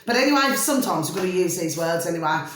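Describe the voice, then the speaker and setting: A woman's voice: fairly low pitch, expressive, fast talker, fairly bright tone, a little hiss or hum. A middle-aged woman with a homely, rambling way of talking, chatting about spiritual matters in a vlog. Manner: rambling, homely, fond of mild slang like "flipping" and "blooming". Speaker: vlogger. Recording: very echoey room.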